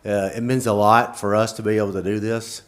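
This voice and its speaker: A man who coaches football, giving a halting, emotional speech at a school board meeting with nervous laughs. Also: on the low side, little pitch movement.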